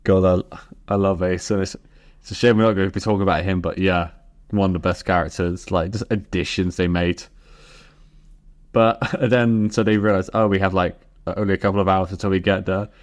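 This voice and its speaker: A man's voice: low-pitched, steady tone. A man co-hosting a podcast, recapping a sitcom with lots of giggling and acting out bits of dialogue. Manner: giggly, acts out lines in quick voices. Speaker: podcast co-host. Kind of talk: casual chat recapping a sitcom.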